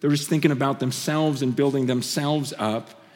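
A man preaching a sermon, swinging between animated bursts and hushed, intimate storytelling. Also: medium pitch, moderate pace. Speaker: pastor. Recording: long reverb of a large hall.

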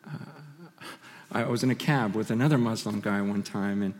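A man preaching from a stage, telling personal stories with passion, restarting and repeating himself, moving between loud bursts and hushed asides. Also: lowish voice, moderate pace. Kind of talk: sermon storytelling. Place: on a stage in a large hall. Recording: long reverb of a large hall.

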